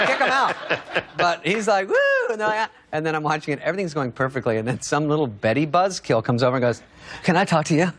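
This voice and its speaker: Sarcastic man telling a lively story. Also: high-pitched. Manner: sarcastic, animated impressions of others. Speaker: guest comedian. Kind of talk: talk show storytelling. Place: television studio. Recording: studio audience and noise behind.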